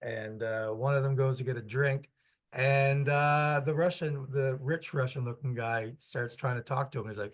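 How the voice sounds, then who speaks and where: A man's voice: medium pitch, moderate pace. Rambling man telling stories with laughs. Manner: rambling storyteller, laughs often. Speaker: comedian podcast co-host. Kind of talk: casual podcast chat.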